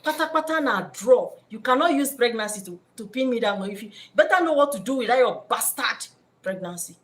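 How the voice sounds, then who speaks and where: A boastful married man waves away a pregnancy with scorn in a Nigerian Pidgin accent, as a woman puts him on. The voice is high and loud for a man, and the delivery swaggers. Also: lively intonation, brisk, close to an everyday voice. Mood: scornful.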